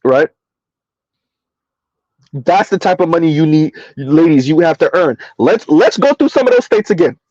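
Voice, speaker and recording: A man's voice: a little high, lively intonation, moderate pace, long pauses, darkish tone, no echo, dull audio. Chatty man hosting a casual stream. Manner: reads figures aloud and answers chat; casual, chatty, addresses listeners as y'all. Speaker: livestream host. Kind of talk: casual livestream commentary.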